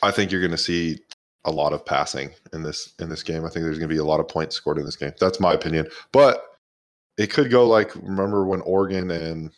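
A man's voice: low-pitched, fairly quick. A man co-hosting a casual sports betting podcast, blunt and profane, laughing often. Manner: blunt, swears freely, laughs a lot. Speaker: podcast co-host.

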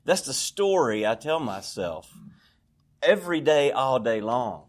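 A man's voice: medium pitch, big pitch swings, measured pace. Man, forties, recovery meeting speaker, candid, self-deprecating, personal testimony. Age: 40s.

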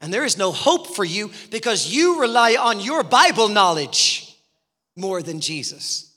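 A guest speaker preaches a passionate sermon in a church, his high-pitched voice sing-song and sharp at a measured pace. He drives his points home with repeated rhetorical questions, and the hall gives long reverb.

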